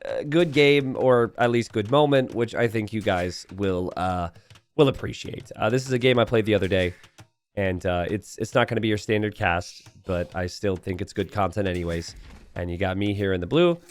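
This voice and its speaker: A man's voice: lowish voice, normal speed. A young adult man giving casual, chatty commentary over a strategy game replay, telling the story with plenty of "uh" fillers.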